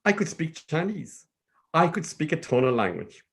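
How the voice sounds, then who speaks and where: A man with a Cork Irish accent telling a personal story in a measured, sing-song way. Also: on the high side, very animated, vocal fry, fairly bright tone, breathy edge. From Ireland.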